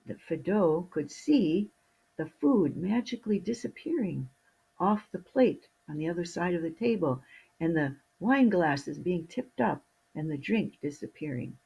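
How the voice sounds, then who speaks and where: Slow, husky woman telling a fairy tale. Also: low-pitched, highs cut off. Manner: slow, expressive storytelling. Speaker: storyteller. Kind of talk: fairy tale told to children.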